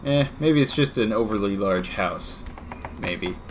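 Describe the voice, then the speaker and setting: A man's voice: lowish voice, animated, normal speed, a little hiss or hum. A man giving casual gameplay commentary with joking, sarcastic asides. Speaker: video game let's-player.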